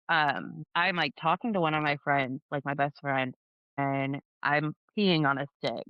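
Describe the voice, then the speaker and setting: Her voice sits low, clear and resonant, and she talks slowly. She's a podcast guest in her thirties, recounting her story casually, voicing the dialogue herself and leaning heavily on "like." The audio is dry and dull.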